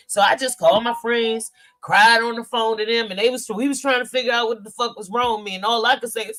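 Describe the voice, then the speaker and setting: A middle-aged woman who hosts a podcast speaks quickly in a slightly high, somewhat bright voice with fairly even intonation. Reading viewer comments in a casual livestream chat, she is candid and emotional, swears freely and sounds teary.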